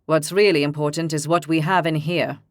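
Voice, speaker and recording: A woman voicing a grave, poetic young desert man who speaks in measured, proverb-like lines. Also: deep voice, fairly even intonation, no room sound, studio quality, pitched below the performer's own voice, close to an everyday voice. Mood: solemn.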